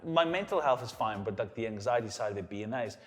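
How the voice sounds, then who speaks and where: A young Welsh man telling stories in a casual interview, animated and acting out the people he quotes. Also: mid-range voice, fast. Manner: animated storyteller who acts out quotes. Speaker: guest.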